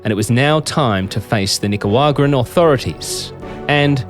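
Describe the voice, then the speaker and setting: A male podcast host giving measured, dramatic scripted narration. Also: mid-range voice, soft background music.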